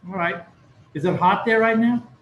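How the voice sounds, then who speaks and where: High-voiced podcast host in a roomy space. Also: male voice, moderate pace, a bit bright. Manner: rambling, filler-heavy, self-correcting. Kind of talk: casual interview chat. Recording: roomy with faint background noise.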